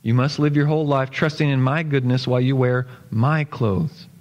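A gentle, kindly prince in a storybook read by a man speaks calmly and reassuringly in an even, mid-range voice. A church hall's long reverb follows each phrase. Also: mid-range voice, moderate pace, lo-fi sound, natural voice. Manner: calm, reassuring. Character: kind royal male prince, calm and gentle.

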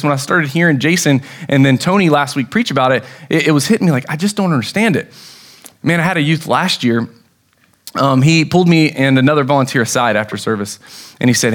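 American pastor telling stories in a sermon. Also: male voice, a little high. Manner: conversational storytelling with excited bursts.

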